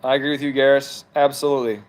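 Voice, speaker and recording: Streaming from home, a man reads viewer comments aloud and fires back at them in a very fast, level, mid-pitched voice. It's a loose, argumentative, heated rant full of swearing.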